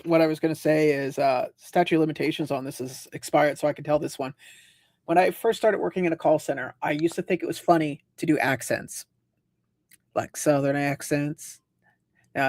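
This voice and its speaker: A man chats casually on a home livestream, spinning long anecdotes and acting out each person in them. His voice has a gravelly fry. The sound is dry and close, with no room echo. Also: fairly high pitch. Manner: rambling storyteller, acts out quoted voices. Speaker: livestream host. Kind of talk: casual chat.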